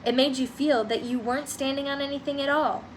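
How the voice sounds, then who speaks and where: A woman narrating a children's storybook aloud in a lively, expressive manner. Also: high-pitched, brisk, slight background noise. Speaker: audiobook reader.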